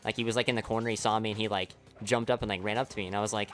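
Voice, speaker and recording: Young guy streaming, lowish voice, rambly, says like a ton, swears, laughs a lot, bit of music under it. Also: fairly even intonation, racing. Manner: rambling, leans heavily on "like", laughs often, swears. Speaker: speedrunner streamer. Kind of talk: casual stream chat.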